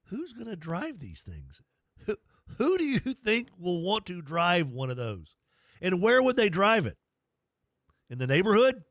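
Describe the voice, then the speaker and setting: A man's voice: high-pitched, huge pitch swings, unhurried, fairly bright tone, no echo, clean studio sound. A middle-aged man hosting sports talk radio, rambling and joking at his own expense. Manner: rambling, jokey, self-deprecating.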